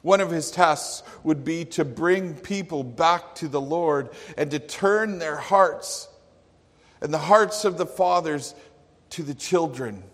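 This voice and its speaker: A man's voice: fairly high pitch, takes it slowly, a bit bright. A man preaching a sermon in an earnest, emphatic manner. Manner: earnest, emphatic, with acted quotes. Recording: long hall reverb.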